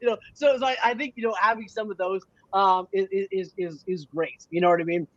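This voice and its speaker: A man's voice: sits high, a little fast, dry recording, muffled recording. A man from Canada, a business coach, talking energetically in an interview and often tagging his points with "right?". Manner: energetic, many restarts and rhetorical "right?". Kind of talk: casual interview talk.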